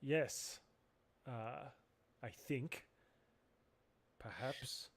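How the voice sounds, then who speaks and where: A man's voice: mid-range voice, drawn-out words, vocal fry, heavily acted. A man playing a skeptical male companion who teases in a dry, matter-of-fact way. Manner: dry, teasing.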